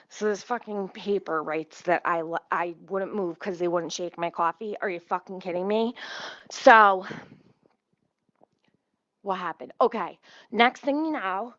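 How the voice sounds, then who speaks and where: A woman telling a story in a fast, indignant, profane casual rant full of fillers. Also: mid-range voice, a bit bright, no room sound. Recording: dull, dry lo-fi sound.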